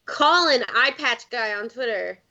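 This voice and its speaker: Creaky-voiced woman rambling in casual chat. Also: on the high side, lively intonation, a little slow, bright, forceful tone, muffled recording. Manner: rambling, heavy use of "like".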